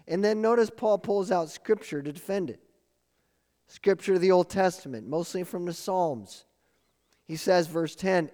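Guy preaching, slightly higher voice, hammers points home, big hall echo. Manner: emphatic, repeats key phrases, asks the listeners questions. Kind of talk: sermon. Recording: long hall reverb.

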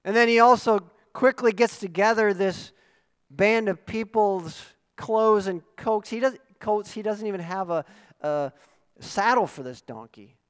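Male pastor, sermon delivery, earnest teacher who swells into emphatic calls, voice a bit high, long church reverb. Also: a little slow, a bit bright, clean tone.

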